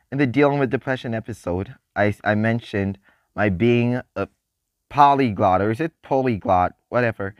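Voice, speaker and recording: Man, faith podcast host, excited, rambling restarts, dry close sound. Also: mid-range voice, no room sound. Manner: excited and upbeat, talking in loose restarts. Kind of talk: casual faith podcast monologue.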